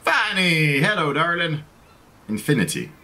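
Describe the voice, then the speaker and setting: A man's voice: on the high side, sing-song, a little slow, sharp tone. A man hosting a let's play, casually commenting on the game and joking while reading choices aloud. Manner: chatty, jokey, reads in-game choices aloud.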